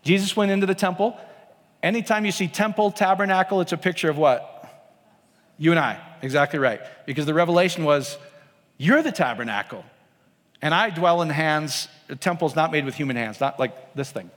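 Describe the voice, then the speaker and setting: A man's voice: a little high, brisk, a bit bright, big-room sound. A man preaching a sermon in a casual, conversational way, often checking in with his listeners by asking them questions. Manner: conversational, asks the congregation frequent questions.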